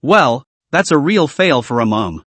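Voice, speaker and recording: A man's voice: medium pitch, very animated, a little slow, a bit bright, dry recording. A man voicing a ghost mother who dotes on and mocks her son, in a cooing manner, as part of a recap reading. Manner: cooing, doting, mocking. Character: sweetly menacing ghost mother, woman.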